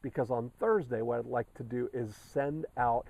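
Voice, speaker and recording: A man's voice: mid-range voice, normal speed, gravelly, darkish tone, low-quality recording. A man giving a recorded coaching update to clients, walking through a process methodically with frequent fillers and restarts. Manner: instructive, methodical, repeats steps with frequent fillers. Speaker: sales coach.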